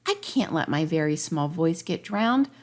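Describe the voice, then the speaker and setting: A woman's voice: sits low, animated, moderate pace. A woman voicing an anxious, earnest male governor in a rhyming storybook parody, pleading in a raised voice.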